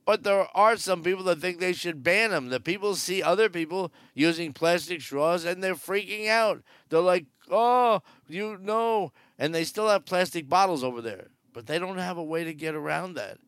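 A man's voice: sits high, moderate pace, few pauses, fairly bright tone, smooth, dry recording, studio quality. A man giving casual, wry cruise news commentary from aboard a ship, joking sarcastically. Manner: chatty and wry, jokes sarcastically.

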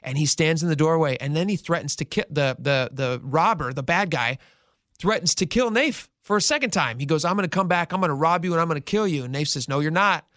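A male radio host telling a news story in casual, animated talk and acting out the quotes. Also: on the high side, brisk, no echo, studio quality.

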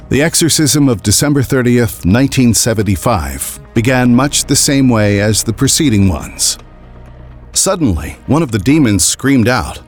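A man narrating a scripted story in a grave, measured way. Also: medium pitch, animated, faint music behind.

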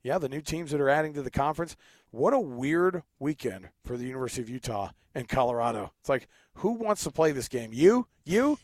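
Man, sports talk co-host, animated, jokey, mid-pitched, dry close mic. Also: fast, dry recording.

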